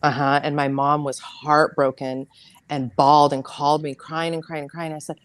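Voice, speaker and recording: Woman, middle-aged, American, low voice, earnest, halting, repeats words, dry recording. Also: little pitch movement, no echo. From United States. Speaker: guest. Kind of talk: emotional personal storytelling.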